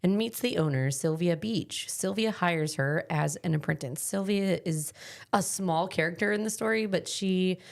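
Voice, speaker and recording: A woman hosting a book podcast, recapping a novel in casual chat that is quick and full of "like" fillers. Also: on the low side, gravelly. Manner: chatty, many "like" fillers, quick bursts.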